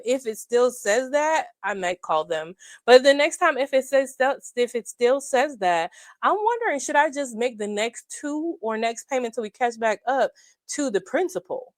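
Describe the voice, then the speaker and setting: A woman chatting casually through her budget, animated and addressing viewers as y'all, on a clip-on mic. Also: sits high, a little slow, no room sound. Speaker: budgeting vlogger.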